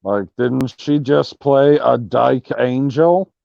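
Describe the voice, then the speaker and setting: A man's voice: medium pitch, slow pace, creaky, mellow. A man co-hosting a casual podcast chat, throwing in sarcastic wisecracks. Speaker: co-host. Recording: dull lo-fi recording.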